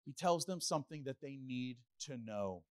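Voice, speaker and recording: A middle-aged man preaching a sermon as pastor, animated and playful, slipping into acted asides. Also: medium pitch, moderate pace.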